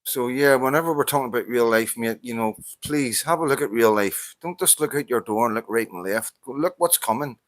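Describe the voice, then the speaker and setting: A fired-up Northern Irish man talks straight at his viewers. He swears freely and trips over his words in rapid restarts. His voice sits in an ordinary middle pitch, recorded close and dry. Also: no room sound. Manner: agitated, swears often, stammering restarts. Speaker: vlogger answering a viewer's comment. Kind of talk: heated casual monologue.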